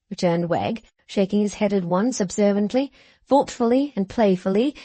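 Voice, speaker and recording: A woman narrating a classic novel in a measured, even storytelling voice, recorded at a close mic. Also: mid-range voice, no room sound. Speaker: audiobook narrator.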